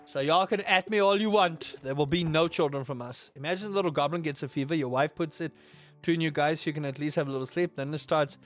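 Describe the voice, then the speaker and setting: Talking fast in a slightly high voice over faint background music, this young YouTuber narrates while gaming. His storytelling is animated and overblown, full of sudden outbursts and rambling tangents in a casual chat.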